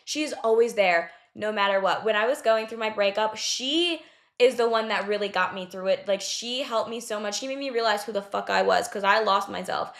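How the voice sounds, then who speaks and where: A young woman talks straight to her listeners in a loose, conversational way. She is blunt and drops swear words without a second thought. Her voice sits at an ordinary middle pitch for a woman. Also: normal speed, fairly bright tone. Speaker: podcast host. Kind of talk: casual advice talk.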